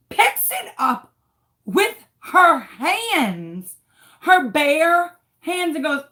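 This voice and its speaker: A crafting channel host tells a story to camera, dramatic and exasperated, breaking into shrieks. Her voice sits high, with big pitch swings, drawn-out words and a sharp tone.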